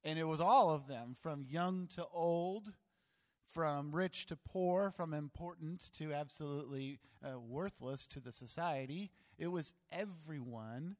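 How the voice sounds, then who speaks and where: A man preaching a sermon, reading scripture aloud and then explaining it with dramatic emphasis. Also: fairly high pitch. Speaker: pastor. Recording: long hall reverb.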